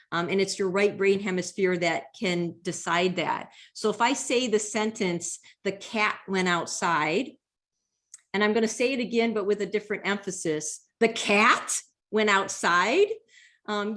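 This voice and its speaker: A woman lecturing on brain anatomy over slides, explaining step by step in a patient way with frequent ums. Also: mid-range voice. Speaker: neuroscience lecturer. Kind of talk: slide-based health lecture.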